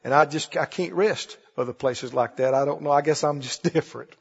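A man's voice: a little high, fairly quick, creaky, breathy edge, long reverb tail, lo-fi sound. A man preaching a sermon, firing repeated questions at his congregation. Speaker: pastor.

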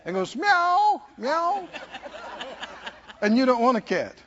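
A man's voice: high voice, quick pace, lo-fi sound. A man preaching a sermon, telling stories, repeating words for emphasis and asking the congregation "Hmm?". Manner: lively storytelling, asks the congregation "Hmm?".

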